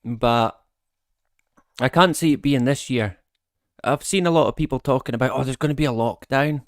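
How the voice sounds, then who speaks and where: A man's voice: mid-range voice, moderate pace, no room sound, studio quality. A man hosting a live stream, chatting casually, greeting viewers by name and laughing often.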